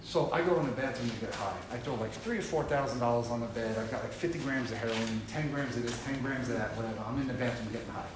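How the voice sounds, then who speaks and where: A man's voice: medium pitch, fast, hardly any pauses. A man leading a recovery group talk, speaking emphatically and repeating points for stress. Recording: echoey room from far off with hiss.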